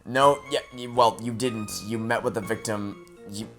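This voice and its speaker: A man's voice: medium pitch, steady tone, normal speed, soft background music. Man reading game dialogue aloud. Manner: playful, joking asides. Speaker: let's play gamer.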